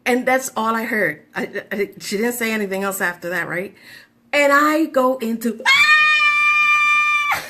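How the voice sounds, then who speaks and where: A woman's voice: a little high, moderate pace, a bit bright, a little hiss or hum. A middle-aged woman hosting a show, chatting casually in a bubbly, giggly, rambling way. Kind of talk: casual chat.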